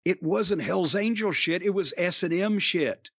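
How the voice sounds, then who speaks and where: High-voiced profane storytelling man. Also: a little slow, breathy edge, dry recording, highs cut off. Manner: profane, rambling, animated anecdotes with restarts. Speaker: podcast co-host telling wrestling stories. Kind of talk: casual storytelling chat.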